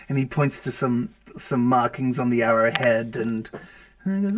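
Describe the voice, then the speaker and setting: A man narrating as the game master of a tabletop game, halting, with many fillers and restarts. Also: medium pitch, animated, rough recording.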